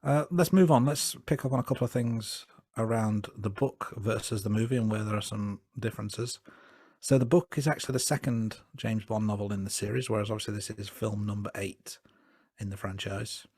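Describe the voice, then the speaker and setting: Male podcast co-host, lowish voice, dry close mic, casual hesitant delivery. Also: fairly quick, slightly rough, no echo. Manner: relaxed, hesitant, with fillers and restarts. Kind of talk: casual film review chat.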